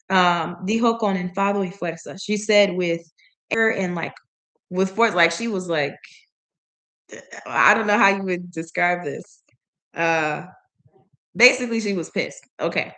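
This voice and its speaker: A chatty woman reads aloud slowly, breaking off to puzzle over words and laugh at herself. Her voice sits at an ordinary middle pitch and her talk is loose and unscripted. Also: lively intonation, a bit bright. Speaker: language learner reading aloud. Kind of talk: casual reading practice with commentary.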